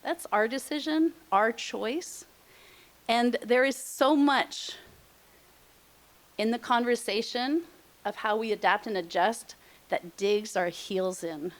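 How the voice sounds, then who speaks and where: Woman, middle-aged, slightly high voice, emphatic, repetitive, emotional, motivational presenter. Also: takes it slowly, pauses often. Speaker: presenter on aging and senior housing. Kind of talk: heartfelt motivational talk.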